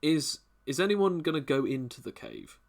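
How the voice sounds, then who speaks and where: A man's voice: a little high, very animated, moderate pace, creaky. A man running a tabletop game as game master, rambling and restarting as he makes rulings.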